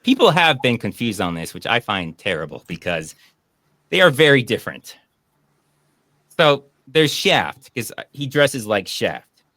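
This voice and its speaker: A man hosts a casual online movie chat, talking over a video call. He rambles and gets animated retelling scenes, at a middle pitch. The sound is dry and close. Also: a little slow, no room sound. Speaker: podcast host.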